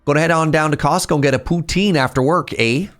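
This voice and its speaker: A man's voice: on the high side, fast talker, a bit bright, close to an everyday voice. A man voicing a friendly, stereotypical male Prairie Canadian with a folksy Prairie Canadian accent, drawing out "eh" and "bud". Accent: Prairie Canadian, put on.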